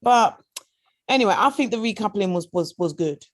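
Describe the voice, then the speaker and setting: A woman's voice: mid-range voice, expressive, moderate pace, no echo, studio quality. A British woman co-hosting a podcast, chatting frankly and casually, often repeating herself as she talks. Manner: frank, repeats words, lots of filler phrases. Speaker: podcast co-host. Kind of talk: casual chat.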